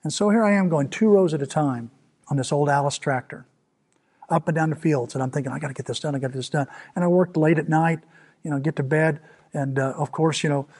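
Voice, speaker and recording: A man's voice: on the high side, brisk, a little mellow. A male pastor preaching a sermon, telling a personal story in an earnest manner full of repetition and sudden swells of emphasis.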